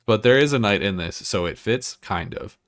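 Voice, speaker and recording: A man's voice: on the low side, expressive, moderate pace. A young man co-hosting a podcast, reviewing episodes in casual, rambling, joking chat. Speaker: podcast co-host.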